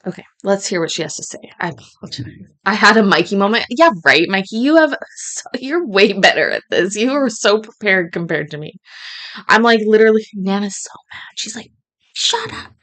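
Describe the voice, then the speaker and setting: A woman hosts a casual reaction show, chatty and quick to laugh. She swears freely and keeps an everyday middle pitch. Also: lively intonation, a bit bright. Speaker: host reacting to court clips.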